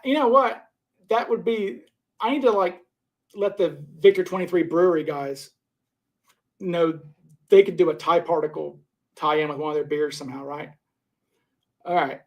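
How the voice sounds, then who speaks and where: A man hosting a live stream, casually reading viewer comments and rambling through his scoring of suspects. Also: fairly high pitch. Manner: rambling, repeats and restarts while scoring suspects. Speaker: livestream host.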